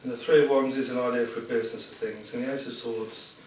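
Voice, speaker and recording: A man's voice: mid-range voice, little pitch movement, quick pace. Man, tarot reader, casual rambling talk, noisy echoey recording. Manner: chatty, rambling, laughs at his own stories. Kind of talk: casual talk to a small audience. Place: room at a public talk. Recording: echoey room, far from the mic, noisy.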